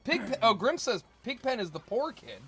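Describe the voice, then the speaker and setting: Animated high-voiced man streaming games. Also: moderate pace, crowd noise. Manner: animated, reads chat aloud and explains the game. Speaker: streamer, co-host. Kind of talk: casual gaming stream chat.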